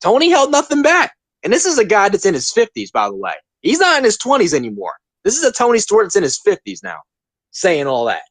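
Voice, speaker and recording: Animated ranting young man, dry sound. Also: high-pitched, fast talker, no echo. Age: 20s. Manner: emphatic, ranting, repeats points. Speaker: podcast host. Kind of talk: casual opinion podcast.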